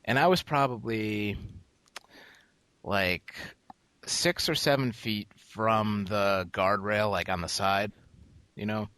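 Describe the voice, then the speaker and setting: A man co-hosting a casual podcast, telling animated, profane stories with loud outbursts. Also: lowish voice, slow pace, long pauses, clean tone, no echo. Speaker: podcast co-host.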